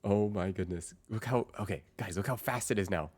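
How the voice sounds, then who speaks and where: A young adult woman livestreaming in casual chat, excitable and quick to repeat herself in bursts. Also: very deep voice.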